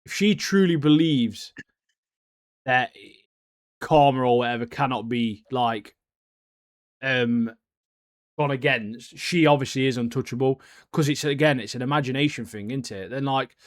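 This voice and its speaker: A man's voice: medium pitch, measured pace, pauses often, no echo, studio quality. A man co-hosting an anime podcast in a laid-back way, using slang and hesitant fillers. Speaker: podcast co-host. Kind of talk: casual anime review chat.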